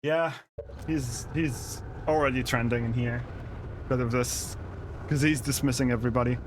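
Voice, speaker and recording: A man's voice: medium pitch, steady tone, normal speed, background noise. A man commenting live on a stream, reacting to clips with amused exasperation and stammered restarts.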